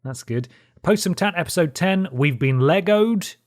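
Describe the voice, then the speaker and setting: A man's voice: fairly high pitch, animated, normal speed. A young man co-hosting a casual podcast, making dry remarks and reading out a list of videos. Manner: dry, wry remarks, reads out lists. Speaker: podcast co-host. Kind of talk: casual chat.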